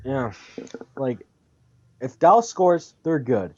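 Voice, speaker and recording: A man co-hosting a podcast, chatting about hockey in a casual way, thinking aloud and getting animated. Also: medium pitch, slow, slightly rough. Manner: thinks aloud with fillers and restarts, then gets animated. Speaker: podcast co-host. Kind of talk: casual sports chat. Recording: dull lo-fi audio.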